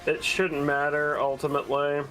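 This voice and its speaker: A man's voice: a little high, completely flat delivery, moderate pace, fairly bright tone. A man streaming an online game, chatting casually with friends and explaining boss tactics, laughing often. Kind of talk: casual gaming chat with friends. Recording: faint game music behind.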